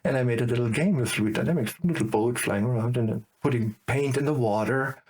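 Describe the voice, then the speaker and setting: Man, German accent, middle-aged, podcast guest, rambling, excitable, mid pitch. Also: quick pace, slightly rough. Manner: rambling, excitable, full of tangents. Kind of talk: casual chat.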